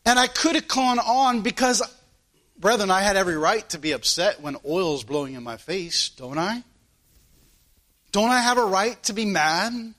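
A man's voice: high voice, normal speed, fairly bright tone. A male preacher delivering a sermon in an earnest manner, weaving in a personal story and asking his listeners rhetorical questions.

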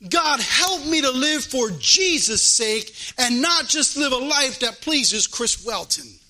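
A preacher, a man, delivers a fervent sermon in a high, piercing voice. His delivery swells into a sing-song chanted cadence. The tone is sharp and forceful throughout. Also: expressive, a little slow, hardly any pauses, rough recording. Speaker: pastor. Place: church.

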